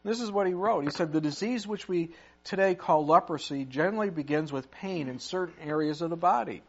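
Man, pastor, sermon, animated storytelling, higher voice, dull lo-fi sound. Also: fairly quick. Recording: muffled lo-fi recording.

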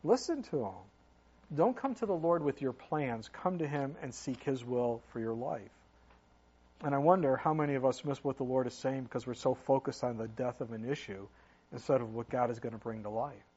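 A man's voice: medium pitch, normal speed, a little mellow, slightly rough, muffled recording. A man preaching a sermon as pastor, talking in an earnest, conversational way with many fillers.

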